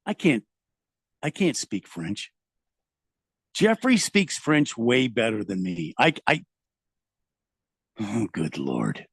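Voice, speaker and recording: A man's voice: lowish voice, big pitch swings, slow, long pauses, slightly rough, dry recording. A man hosting a sports radio show, rambling and joking in a self-deprecating way, reading listener texts. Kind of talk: casual radio banter. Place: radio studio. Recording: dry studio sound.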